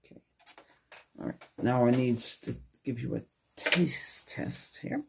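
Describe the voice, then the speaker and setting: A man in a whispered role-play as a doctor, talking softly and gently and checking in with short questions, close to the microphone. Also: medium pitch, takes it slowly, creaky, background noise.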